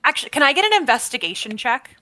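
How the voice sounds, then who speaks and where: High bright-voiced lady dming, lots of ums, fixes her words midway. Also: very animated. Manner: brisk narration with fillers and self-corrections. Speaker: dungeon master. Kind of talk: narrating a tabletop game.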